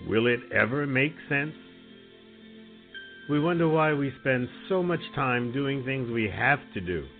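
A man, a radio personality, reading a contemplative reflection in a measured way. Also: mid-range voice. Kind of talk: reflective spoken essay. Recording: phone-like line with faint music.

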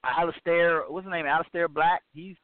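A man's voice: on the high side, moderate pace, no echo. A man in his thirties, a podcast co-host, chatting casually and animatedly about wrestling in slangy talk. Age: 30s. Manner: slangy, animated, says man and bro a lot. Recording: phone-line audio, dry.

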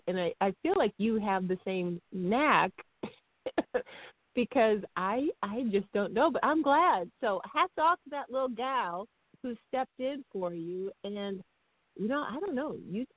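A woman's voice: mid-range voice, dry recording. A woman co-hosting a casual radio chat show, upbeat and teasing, laughing often. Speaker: podcast co-host. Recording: tinny phone line, dry.

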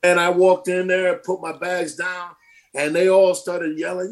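A middle-aged former ballplayer tells his stories in a loose, animated way, acting out the quotes and swearing freely. His voice sits a little high for a man. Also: a little slow. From Brooklyn, New York. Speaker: former pro baseball player, guest. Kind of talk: casual storytelling interview.

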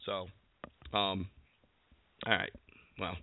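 A man hosting a casual football talk show, loud and animated, cursing as he goes. His voice sits at a middling pitch. It comes through a thin, phone-like line with no room sound at all. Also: moderate pace, no echo. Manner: animated, swearing, trash-talking. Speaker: podcast host.

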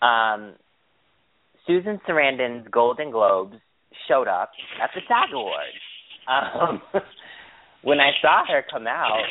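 A man's voice: mid-range voice, very animated, slow pace, long pauses, background noise. A man co-hosting a casual podcast chat, gossipy and blunt, swearing freely. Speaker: podcast co-host. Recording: tinny phone-like line.

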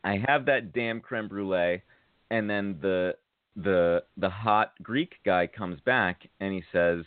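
An American man hosts a podcast and tells a rambling, casual story, with lots of filler along the way. His voice sits low. The audio is dry and narrow, much like a phone line. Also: slow pace, clear, resonant tone, dry recording. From United States. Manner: rambling, loose, with many fillers. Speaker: podcast host. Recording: tinny phone-like sound.

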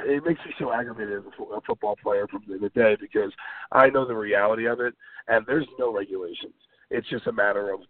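A low-voiced man from New Jersey talks as a guest on a podcast. He is emphatic and blunt, and he hammers his points home by repeating them. His voice comes in dry and tinny, as if over a phone line. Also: dry recording. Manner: emphatic, plain-spoken, repeats himself for stress. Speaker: wrestler and former football player, guest.

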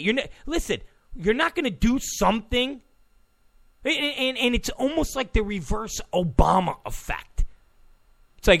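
Gravelly, animated male talk host. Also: very high voice, unhurried, dry recording. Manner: rambling, repetitive, blunt, stammering restarts. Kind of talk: rambling political monologue. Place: Los Angeles studio.

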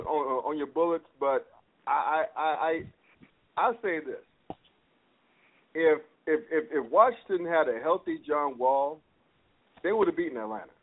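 A man's voice: on the high side, a little hiss or hum. A man hosting a casual sports chat, rambling and repeating himself as he builds his point. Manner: rambling, repeats words and restarts, excitable. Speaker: podcast host. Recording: tinny phone-like audio.

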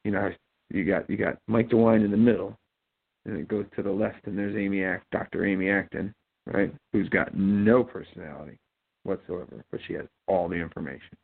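Low gravelly dude mumbling through a podcast, tinny phone-line sound. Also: male voice, steady tone. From Ohio. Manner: mumbling, halting, lots of fillers and restarts. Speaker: podcast host. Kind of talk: casual rambling chat.

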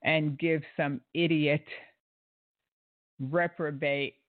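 A man's voice: a little high, flat delivery, very slow, dry recording. A man giving critical commentary on a clip, indignant and sarcastic, with hesitant fillers. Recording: dry phone-like audio.

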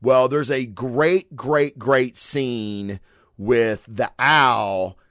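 A man's voice: medium pitch, very slow, fairly bright tone, no echo, clean studio sound. A man casually reviewing comic books, cursing freely and rambling with lots of fillers. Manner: profane, chatty, rambling with fillers. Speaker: comic book show host.

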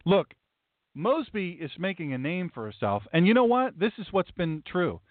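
A man's voice: high voice, sing-song, moderate pace, no echo. A male host delivering a blunt, emphatic, sarcastic talk-show monologue. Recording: tinny phone-like, dry.

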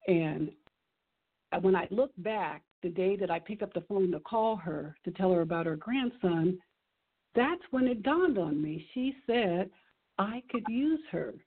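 A woman's voice: lowish voice, animated, measured pace, breathy edge. A middle-aged woman telling an emotional personal story as a radio guest, earnest and laughing often. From California. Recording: tinny phone line.

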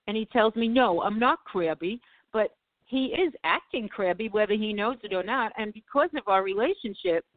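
A woman's voice: medium pitch, moderate pace, no echo. A woman speaks as a guest in a casual conversation, reflective and agreeable. Her voice comes through a dry, tinny line, with no room sound around it. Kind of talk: casual chat.

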